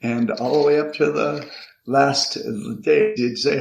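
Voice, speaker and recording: An older man, a podcast guest, earnestly telling a personal story about his father, halting often with repeated restarts. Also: mid-range voice, steady tone, gravelly. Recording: echoey room. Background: card shuffling.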